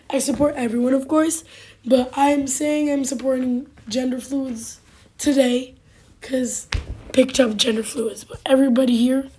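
A woman with a hoarse voice hosting casual gameplay commentary, halting and full of fillers, now and then dropping to a whisper. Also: high voice, warm tone, slight background noise. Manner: halting, with many fillers and sudden drops to a whisper. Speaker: gaming channel host.

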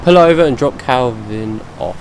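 A man's voice: medium pitch, animated, moderate pace. A young man commentating his own video game play, rambling and correcting himself, with hiccups. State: has hiccups. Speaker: gaming channel host. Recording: noisy game audio under the voice. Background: car and racing game sounds.

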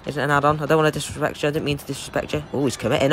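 A young man giving excitable, jokey live commentary while playing a game, swearing and trash-talking the opponent. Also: fairly high pitch, very fast, soft background music. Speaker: gaming YouTuber.

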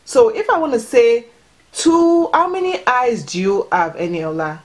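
In this home language lesson, a vlogger teaches children Yoruba, encouraging them patiently and prompting and repeating each word. Her voice is on the high side and expressive, at a measured pace.

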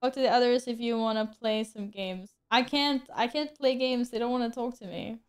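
A woman talks casually through a game stream, answering viewers and poking fun at herself. Her voice sits a little high, and she laughs easily between remarks. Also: steady tone, normal speed, smooth. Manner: chatty, self-mocking, laughs often. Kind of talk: casual gameplay stream chat.

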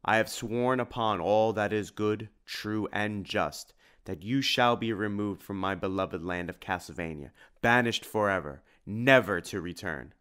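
A man's voice: on the low side, unhurried, few pauses, fairly bright tone, clear, resonant tone. A man voicing a solemn, earnest hero. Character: stoic adult male hero, earnest and solemn. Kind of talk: audiobook character voice.

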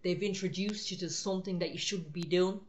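Lower-voiced woman preaching a sermon. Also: fairly quick, dull audio. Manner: exhorting, firm, conversational.

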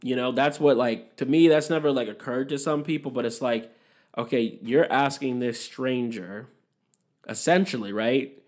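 A man's voice: medium pitch, moderate pace. A young man hosting a podcast, talking alone in a candid, opinionated and rambling way, swearing freely. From Massachusetts, USA. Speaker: podcast host. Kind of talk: casual solo podcast monologue.

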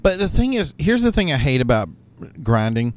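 A man's voice: a little high, big pitch swings, normal speed. A man giving casual, rambling commentary while playing a video game, thinking aloud with many fillers and restarts. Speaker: gaming YouTuber.

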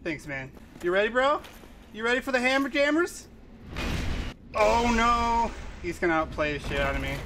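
A man giving excitable let's play commentary, laughing, swearing and yelling at the game. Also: high voice, noisy background. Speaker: gamer playing online. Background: game music.

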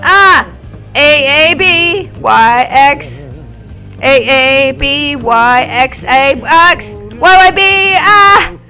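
A woman streaming a video game live, reacting excitably with yelps and exclamations. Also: high voice, extremely slow. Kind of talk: live gameplay commentary. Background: faint game music.

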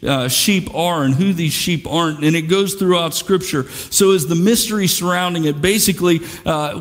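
A man's voice: fairly high pitch, big-room sound. A man preaching a sermon in a conversational way, repeating words and restarting as he goes, and acting out the quotes. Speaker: pastor. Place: church sanctuary.

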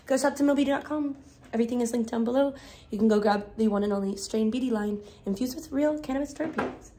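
A woman's voice: a little high, quick pace, mellow. A woman chatting casually through her makeup routine, swearing a lot, laughing often and rambling. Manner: profane, giggly and rambling. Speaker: beauty vlogger. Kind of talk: casual get-ready-with-me chat. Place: indoors while doing makeup. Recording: roomy with faint ambience.

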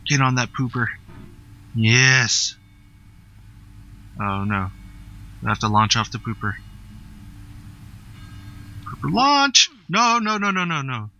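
A man giving casual gameplay commentary as a gaming YouTuber, playful and excitable, laughing and swearing often. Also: mid-range voice, takes it slowly, pauses often, lo-fi sound.

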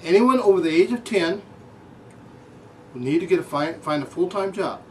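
Deadpan man lecturing like to children. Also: high voice, normal speed, recorded from a distance, slight background noise, low-quality recording. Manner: deadpan, talks down to audience as children. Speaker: comic lecturer. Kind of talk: mock classroom lecture.

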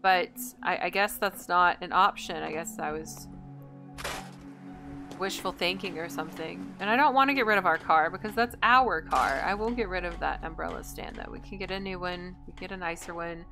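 A woman's voice: on the low side, moderate pace, gravelly, music in the background. A woman hosting a gameplay video, chatting and thinking aloud in an indecisive, casual way. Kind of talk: casual let's-play commentary.

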